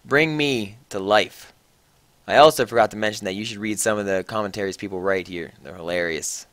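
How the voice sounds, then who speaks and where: A man's voice: on the low side, fairly quick, dry recording. A young man giving a mocking dramatic reading of a story, full of sarcastic asides. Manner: sarcastic asides, shifting between flat and loud. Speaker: comedic reader.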